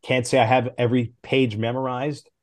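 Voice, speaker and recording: A middle-aged man, a former comics editor, telling stories as a podcast guest in a lively, casual way, with big swings in pitch. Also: normal speed. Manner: animated anecdotes, with big jumps in pitch.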